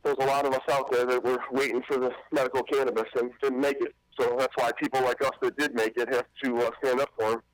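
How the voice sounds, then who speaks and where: A man's voice: medium pitch, little pitch movement, fast talker, few pauses, dry recording, rough recording. A man calls in to a loose talk show and rambles along in a casual, joking way. He pokes fun at himself as he goes, and his tone stays friendly and easy. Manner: joking, rambling, self-mocking. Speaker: caller and cannabis activist. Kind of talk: casual call-in chat.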